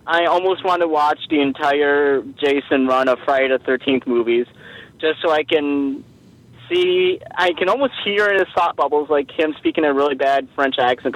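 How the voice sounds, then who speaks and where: A man's voice: mid-range voice, moderate pace, rough recording. A man leaving a rambling, jokey voicemail for a podcast, meandering and self-deprecating as he talks. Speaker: voicemail caller.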